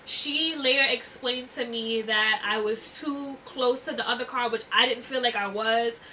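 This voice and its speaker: A young woman chats through a story in a bright, high voice, giggling and leaning on fillers. She is recorded from a little distance, with faint noise behind her. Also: normal speed. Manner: chatty, giggly, lots of fillers. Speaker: vlogger. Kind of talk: casual storytime.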